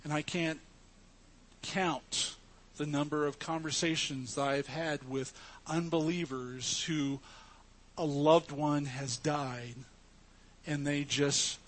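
A man's voice: on the high side, fairly even intonation, slow, pauses often, a bit bright. A man preaching a sermon to his congregation, emphatic and earnest as he teaches from scripture. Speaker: pastor.

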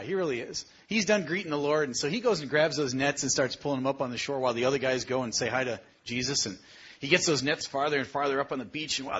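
A man's voice: medium pitch, a bit bright, breathy edge, lo-fi sound. A middle-aged man preaching a sermon, telling stories in a conversational way and asking the listeners questions. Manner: storytelling, conversational with rhetorical questions.

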